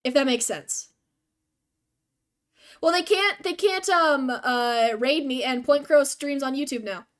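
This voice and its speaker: A woman's voice: high voice, measured pace. A young woman streaming a video game, chatting casually with viewers in a rambling, self-deprecating way.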